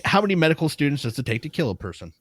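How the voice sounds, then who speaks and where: A man co-hosting a podcast, reviewing a movie in casual chat, animated and laughing often, with casual swearing. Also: on the high side, racing, breathy edge, no echo, studio quality. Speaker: podcast co-host.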